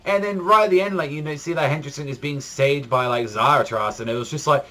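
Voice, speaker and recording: Rambling young man reviewing manga. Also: fairly quick. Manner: rambling, heavy use of "like", frequent restarts; animated, jumps up in pitch when excited. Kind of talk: casual spoken review.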